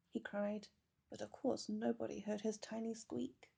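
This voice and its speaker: A woman reading a children's picture book aloud, with gentle, measured storytelling. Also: mid-range voice, little pitch movement, creaky, husky. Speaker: storybook reader.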